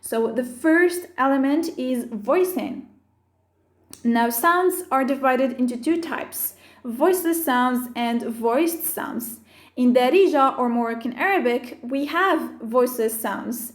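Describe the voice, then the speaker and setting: A woman teacher explaining speech sounds, slowly listing sounds and terms one by one. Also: high voice, echoey room. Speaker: Arabic teacher. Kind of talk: explaining phonetics with slides.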